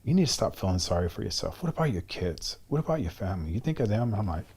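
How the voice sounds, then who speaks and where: A man's voice: fairly low pitch, very animated, quick pace, creaky, darkish tone, slight background noise. A middle-aged man from the United States, a guest in an interview, candidly telling a personal story and acting out both sides of remembered conversations.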